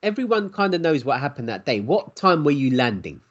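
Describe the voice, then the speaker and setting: Lively fast-talking husky man. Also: fairly high pitch. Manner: eager, halting restarts. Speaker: podcast co-host. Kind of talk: casual chat. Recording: dull lo-fi podcast audio.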